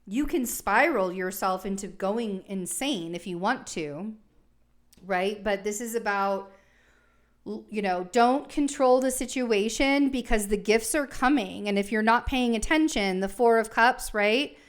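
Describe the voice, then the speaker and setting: A woman's voice: mid-range voice, a little slow. A young adult woman giving a casual tarot reading, talking in a rambling, reassuring way with lots of fillers and restarts. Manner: rambling, reassuring, thinks aloud with many fillers. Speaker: tarot reader.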